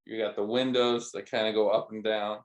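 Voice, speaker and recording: A man's voice: lowish voice, flat delivery, fairly quick. A man chatting casually, telling a rambling travel story with many fillers and restarts. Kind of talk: casual chat.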